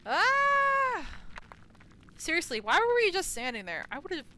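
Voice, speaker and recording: A young woman streaming a game, excitable, swearing and yelling at what happens on screen. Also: high voice, fast talker, slight background noise. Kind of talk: live game stream commentary.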